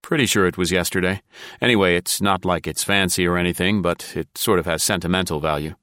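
A man's voice: sits low, steady tone, fairly quick, a bit bright, smooth, no room sound, studio quality. A man voicing a nervous suburban man caught near his neighbor's car at dawn, who talks hastily and too much. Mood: flustered. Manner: hasty, nervous, overly chatty.

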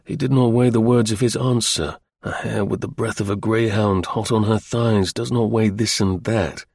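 A man reading a novel aloud as an audiobook narrator in a measured, literary way. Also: lowish voice, steady tone, creaky, darkish tone, slightly rough, no room sound, clean studio sound. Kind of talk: scripted narration.

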